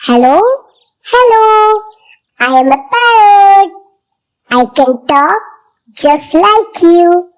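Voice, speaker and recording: Woman doing chirpy cartoon birdies, super high squeaky voice, swoops up and down, slow sing-song spelling. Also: expressive, full character voice, poor audio. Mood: cheerful. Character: cheerful little cartoon birds, friendly and chirpy. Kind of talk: children's educational cartoon.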